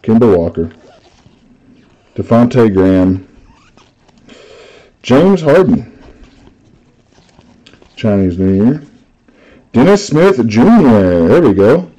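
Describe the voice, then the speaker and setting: A man's voice: fairly low pitch, expressive, slow pace, long pauses, dark tone, lo-fi sound. A man hosting a live card break, chatting casually, telling stories and reading out the cards he pulls. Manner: chatty storyteller, laughs easily, reads out cards.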